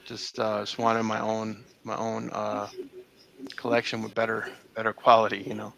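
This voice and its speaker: A man's voice: on the low side, completely flat delivery, normal speed, gravelly, a bit bright, poor audio. A middle-aged man recalling old times in a casual interview, rambling with many fillers and restarts. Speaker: interview guest.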